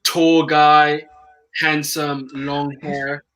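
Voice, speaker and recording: A man's voice: on the high side, flat delivery, very slow, fairly bright tone, poor audio. A man hosting a casual chat, telling a club story in slangy, profane speech. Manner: storytelling, slangy, swears freely. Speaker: host.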